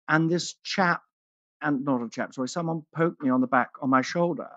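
A man's voice: a little high, moderate pace, sharp tone, no echo, lo-fi sound. A man playing a vain, theatrical aging actress. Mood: theatrical, grandiose. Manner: grand luvvie manner, calls everyone darling. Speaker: character comedian. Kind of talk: online stand-up character act.

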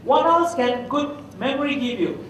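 A man's voice: very high voice, lively intonation, moderate pace, crowd noise. A middle-aged man with a Malaysian English accent giving a humorous public talk, telling anecdotes and quizzing his audience. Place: large hall at a festival. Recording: echoey hall, mic at a distance.

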